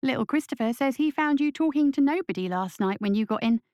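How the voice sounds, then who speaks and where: A woman's voice: high-pitched, expressive, quick pace, darkish tone, clean tone, no echo, voice pushed up. A skeptical wife speaks directly and plainly, read by a woman. She questions her husband in this audio story. The sound is close and dry. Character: doubting wife, sharp and skeptical.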